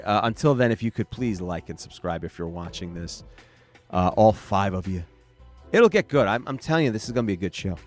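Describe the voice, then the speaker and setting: A man's voice: deep voice, normal speed, soft background music. A sleepy man hosting a rambling late-night solo podcast from a small home studio, drifting off topic and ranting at himself. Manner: scattered, self-deprecating ranting. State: tired and sleepy. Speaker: podcast host.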